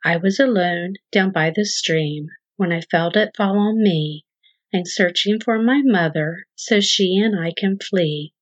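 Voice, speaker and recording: A woman's voice: fairly low pitch, a little slow, no echo. A woman voicing a frightened little hen chick who talks urgently and anxiously. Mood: alarmed. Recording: dull lo-fi dry recording.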